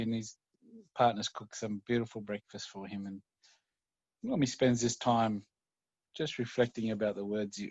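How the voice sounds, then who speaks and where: A man telling a story in an unhurried, conversational way. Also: medium pitch, darkish tone, no room sound, highs cut off. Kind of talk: oral storytelling.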